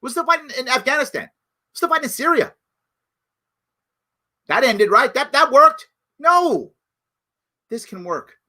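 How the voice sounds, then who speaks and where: A middle-aged man giving impassioned solo commentary as a talk show host, emphatic and preachy, dropping from outrage to low pleading. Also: big pitch swings, unhurried, pauses often. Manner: emphatic and preachy, jumps from loud outrage to low hushed pleas.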